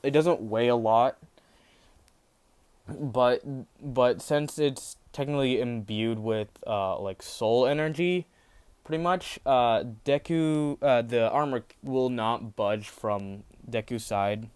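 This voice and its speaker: A man's voice: mid-range voice, slow, darkish tone, smooth. A man casually narrating a fan-made story, rambling, with many fillers and restarts.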